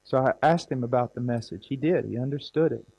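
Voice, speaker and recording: A man's voice: medium pitch, fairly quick, gravelly, a little mellow, dry recording, low-quality recording. A man preaching a sermon, telling a story with fervent, intense delivery.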